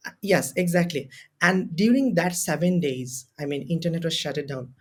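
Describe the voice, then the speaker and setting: A man's voice: fairly high pitch, normal speed. Impassioned young Bangladeshi man. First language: Bengali. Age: young adult. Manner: impassioned, emotional, repeats phrases for emphasis. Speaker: university student guest. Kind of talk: podcast interview.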